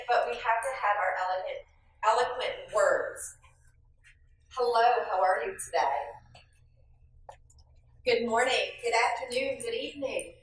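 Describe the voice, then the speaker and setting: A woman from the States, leading a classroom training session for new hires in a lively, sassy, playful way. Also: on the high side, a little hiss or hum. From Southern United States. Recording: echoey room, speaker far from mic.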